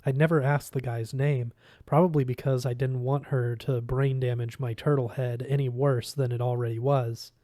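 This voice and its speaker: A man reads a novel aloud, narrating in the first person at a steady pace. His voice is mellow and relaxed. The recording is dry and close. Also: medium pitch, moderate pace, dry recording. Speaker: reader.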